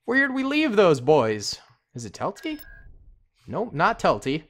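A man's voice: high-pitched, unhurried. Guy rambling thru a strategy game, slangy and hyped, voice bouncing all over. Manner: excitable, slangy, talks to himself while playing. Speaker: gaming commentator. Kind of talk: casual let's-play commentary.

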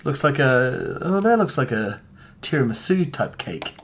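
A man vlogging casually to camera from a hotel room, chatty and excitable, laughing often. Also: mid-range voice, a little slow, background noise. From New Zealand. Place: hotel room during quarantine.

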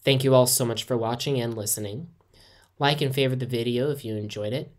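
A woman reading an absurd, crude parody story aloud with a deadpan delivery. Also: very deep voice, brisk. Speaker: fanfiction reader.

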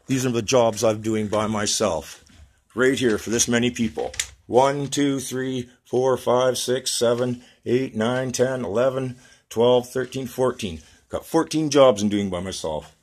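A low-voiced man from Canada talks straight into the camera from his workshop. He rambles and swears nonstop, agitated and restless as he jumps from topic to topic. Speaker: self-employed model builder. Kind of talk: angry ranting vlog.

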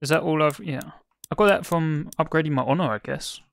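A man's voice: fairly high pitch, brisk, vocal fry. A man giving casual let's play commentary, chatty and musing, with hesitant restarts.

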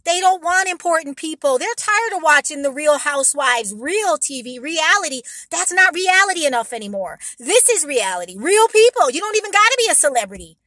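A woman's voice: sits high, animated, a little fast, hardly any pauses, pushed and bright, dry recording. A woman vlogger giving rambling, emphatic advice to her viewers in a casual monologue, blunt and sometimes swearing.

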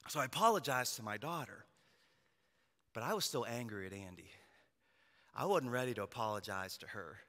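A male pastor preaching a sermon in a conversational storytelling way, swinging from loud emphasis to quiet, personal moments. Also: mid-range voice, animated, moderate pace, pauses often, in a large hall. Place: church sanctuary.

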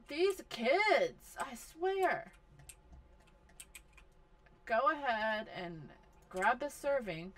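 Woman, casual gameplay commentary, bright voice, fairly high, exasperated scolding. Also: big pitch swings, very slow, long pauses. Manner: exasperated, scolding her game characters. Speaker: gaming video host.

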